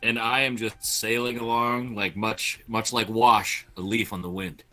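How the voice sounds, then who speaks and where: Male player, bright tone, jokey relaxed banter, faint music. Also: on the low side, a little slow. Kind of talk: casual tabletop game chat.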